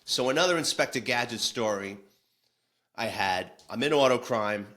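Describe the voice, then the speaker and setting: Ny ex-detective guy telling cop stories, bright edgy voice, swears, trips over his words. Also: mid-range voice, moderate pace. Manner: blunt, salty, frequent restarts. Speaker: former police detective. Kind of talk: casual storytelling.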